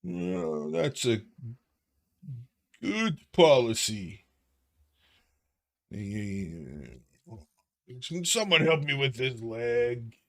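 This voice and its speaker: A man voicing a wounded treant, a wary tree creature, in slow drawn-out speech. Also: mid-range voice, very animated, gravelly, heavily acted. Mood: pained.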